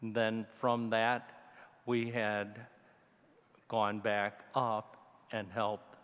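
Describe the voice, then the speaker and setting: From a church pulpit awash in long, ringing reverb, a male deacon of Italian heritage slowly recounts a personal story for a mission talk. He's animated, his middle-range voice leaping up at remembered fear and then falling low and hushed. The sound is smooth and lo-fi.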